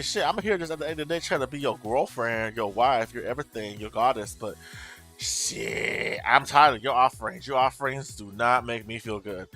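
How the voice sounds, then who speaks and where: A man hosting a relaxed tarot livestream vents in a blunt, exasperated way, swearing freely as he talks back to his chat. His voice sits at a middling pitch. Soft music plays quietly behind him. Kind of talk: casual livestream rant.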